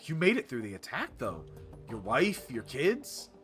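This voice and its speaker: A man voicing a pushy male TV news reporter with a brisk, bright broadcast delivery. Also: mid-range voice, huge pitch swings, faint music behind. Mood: probing.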